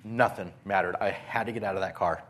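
A man preaching a sermon as a pastor, telling stories with lively, animated delivery and acting out his own panic. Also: sits low, fairly quick.

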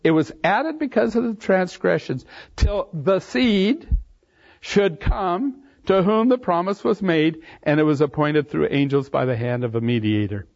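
A man's voice: on the high side, animated, unhurried, gravelly, darkish tone. A man preaching, reading scripture aloud and explaining it verse by verse, leaning hard on key phrases. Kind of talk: expository Bible teaching. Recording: dull lo-fi sermon recording.

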